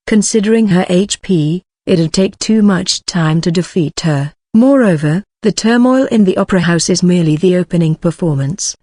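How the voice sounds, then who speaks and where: A text-to-speech voice narrating an audiobook in an even, mechanical way. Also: medium pitch, no echo, clean studio sound.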